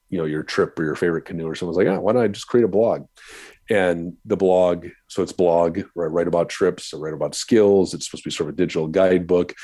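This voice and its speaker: A man's voice: deep voice, mellow, no room sound. A middle-aged man from the Upper Midwest, a canoe guide and blogger, talking casually as a podcast guest, rambling and self-deprecating with many restarts. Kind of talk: casual interview talk.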